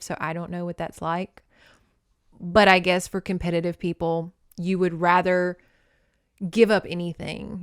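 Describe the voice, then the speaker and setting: A woman podcast host giving a campy, animated comedic recap of a novel and slipping into character voices. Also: lowish voice, smooth, no echo, studio quality.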